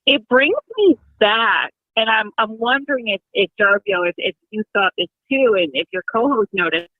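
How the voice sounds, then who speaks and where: A woman's voice: a little high, no room sound. Woman on a tinny phone line. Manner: earnest, opinionated, with halting restarts. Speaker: radio show guest. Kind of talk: political talk radio chat. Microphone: telephone.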